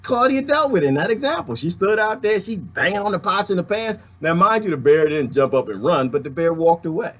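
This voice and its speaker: A husky, slightly raised male voice with a lively, swinging pitch. He is a livestream host who talks casually and preaches in an animated way. He reads out viewer comments and drifts into comic put-on voices. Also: fairly quick, hardly any pauses.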